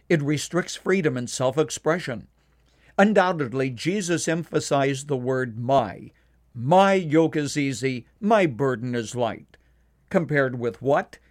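A man delivering a scripted devotional radio commentary in a measured, earnest way, slowing down to stress key points. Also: medium pitch. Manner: measured, earnest, slows down for emphasis.

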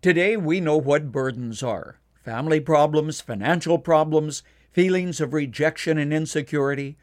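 Earnest man giving a radio devotional. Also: fairly high pitch. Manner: measured, earnest, slows down for emphasis. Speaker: radio commentator. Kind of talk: scripted devotional radio commentary.

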